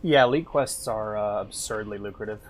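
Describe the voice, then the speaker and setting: A man streaming a game and chatting casually, loud and animated, swearing and laughing as he plays. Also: fairly low pitch, normal speed, faint music behind. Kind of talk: casual gaming stream chat.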